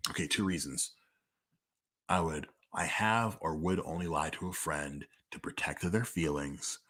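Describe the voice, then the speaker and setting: A man's voice: rumbling low, a bit bright. A young man talking candidly and profanely through a list of personal questions, in a loose, conversational way full of "like.". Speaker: podcaster answering listener questions. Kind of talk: casual monologue.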